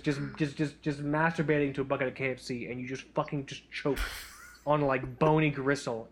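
A man co-hosting a casual podcast chat, telling a rambling, profane, self-deprecating story. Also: on the high side. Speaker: podcast co-host.

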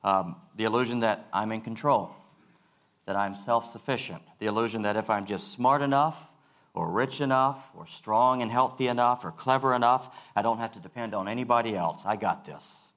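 Deep-voiced man preaching earnestly. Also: fairly bright tone. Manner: earnest, measured preaching with repeated phrases. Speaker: pastor. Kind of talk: sermon.

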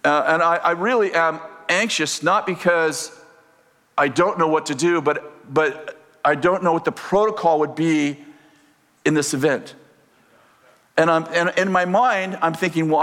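Man, preacher, storytelling sermon, lively acted-out dialogue, fairly high voice, long hall reverb. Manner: animated storyteller, acts out dialogue, laughs often.

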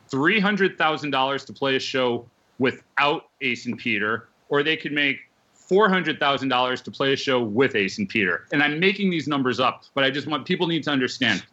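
A man's voice: mid-range voice, pushed and bright, lo-fi sound. A man guesting on a podcast, a former magazine editor and band manager, telling stories bluntly and emphatically with many restarts. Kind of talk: casual storytelling chat.

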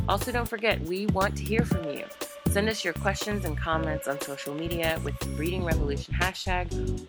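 A woman reading a scripted podcast outro with an even, read-aloud delivery. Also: sits low, vocal fry. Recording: voice-over with loud music underneath.

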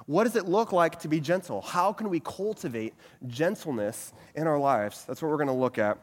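A man's voice: on the high side, normal speed. A man giving a sermon-style teaching talk, asking many rhetorical questions and repeating a catchphrase. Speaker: pastor teaching a group. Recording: long reverb of a hall.

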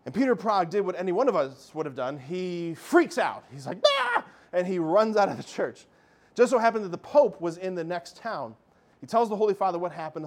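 A man giving a lively Catholic faith talk, telling miracle stories with animation and calling his listeners "guys". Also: high voice. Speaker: Catholic speaker.

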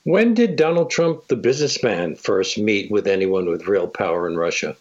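A man interviewing a guest on the radio in a measured questioning manner. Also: fairly low pitch, expressive, a little mellow. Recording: muffled lo-fi radio broadcast.

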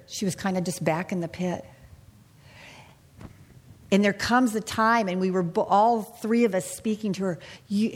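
A middle-aged woman teaching the Bible to a small group in an earnest, confiding way, often asking her listeners questions. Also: medium pitch.

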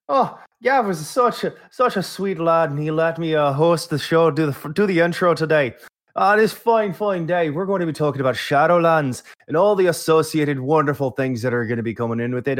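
A man's voice: fairly high pitch, normal speed, lightly acted. A man voicing a cheery male intro persona in a put-on Irish-sounding accent, sing-song and drawn out. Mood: jolly. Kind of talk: podcast intro.

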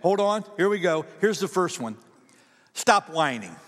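A male pastor delivers a sermon in a chatty, animated way and keeps asking the congregation questions. His voice sits high for a man. It rings with the long reverb of a church hall. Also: normal speed.

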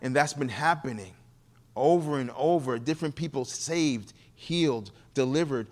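A man preaching as a guest, telling stories from the pulpit and acting out the voices of the people in them. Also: moderate pace. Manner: animated, acts out quoted people with shifting pitch. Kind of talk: sermon storytelling.

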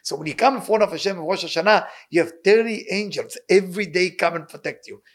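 A man's voice: high-pitched, fast talker, fairly bright tone. A man giving a sermon in English, earnest and emphatic, with phrases. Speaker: rabbi teaching.

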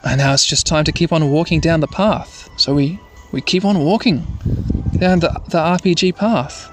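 A man's voice: a little high, normal speed. A man hosting an easygoing, rambling let's-play commentary meant for sleep. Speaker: host. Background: faint music.

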